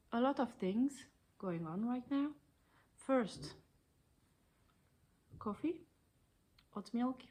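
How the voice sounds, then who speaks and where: A woman in her thirties with a French accent, chatting hesitantly in her living room about her knitting for a video podcast. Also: medium pitch. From France. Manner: hesitant, many ums, a little shy on camera. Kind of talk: casual video podcast chat.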